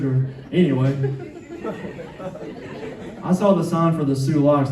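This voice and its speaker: On a club stage in front of a live crowd, a Southern-accented stand-up comedian in his fifties from Atlanta rambles through self-deprecating material. His voice is fairly high, his pace measured, and he pauses often. The sound is echoey and distant-miked, with audience laughter.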